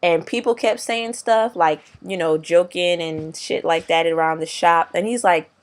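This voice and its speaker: A man's voice: a little high, unhurried, clear, resonant tone. A young man vlogging casually, rambling in slangy, profane talk. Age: young adult. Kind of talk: casual video diary.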